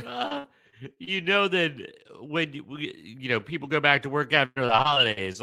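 A man's voice: on the high side, lively intonation, normal speed, creaky, pushed and bright, dry recording. A man co-hosting a casual podcast chat, playful and laughing often as he talks. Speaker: podcast co-host.

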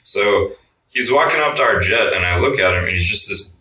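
A man's voice: on the low side, lively intonation, fairly quick, pushed and bright, far from the mic, a little hiss or hum. A young man telling a story in a laid-back interview, cursing a lot and saying "like" all the time. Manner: laid-back, swears a lot, says "like" often. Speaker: guest. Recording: roomy sound, mic set back.

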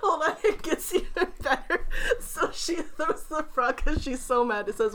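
A woman in casual chat, retelling a fairy tale with frequent giggles and animated storytelling. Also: high voice, normal speed, hardly any pauses.

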